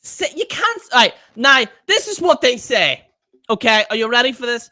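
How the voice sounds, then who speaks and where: Brit guy with a high voice ranting on a stream, bright tone, swings all over the place, slow and drawn out. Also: lively intonation. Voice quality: high-pitched. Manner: exasperated and incredulous. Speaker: live-stream host. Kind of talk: ranting live-stream chat.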